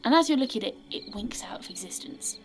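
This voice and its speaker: A woman narrating a tabletop game as game master, dropping into a descriptive hush for suspense. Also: on the high side, expressive, a little fast, whispered, faint music behind.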